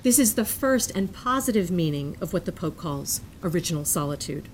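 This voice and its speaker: A woman reading a prepared lecture aloud in a measured, earnest manner, sometimes breaking off into self-amused asides. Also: fairly low pitch, expressive, a little mellow, a little hiss or hum.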